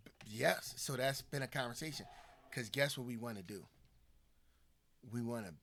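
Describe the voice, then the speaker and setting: Bright-voiced man telling stories. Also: mid-range voice, normal speed, vocal fry. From Philadelphia area. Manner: animated storytelling, acts out quoted people. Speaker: podcast co-host. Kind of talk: casual conversation.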